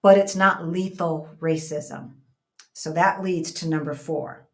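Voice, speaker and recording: A middle-aged woman from the United States co-hosting a casual chat, telling stories in an animated, conversational way. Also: fairly low pitch, slow pace. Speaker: co-host.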